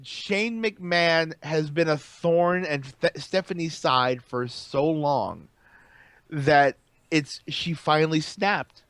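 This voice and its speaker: Casting note: high-pitched male podcaster, animated and cursing, dry close sound. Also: takes it slowly, clear, resonant tone, dry recording. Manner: animated, profane, emphatic. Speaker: podcast co-host. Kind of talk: casual wrestling podcast chat.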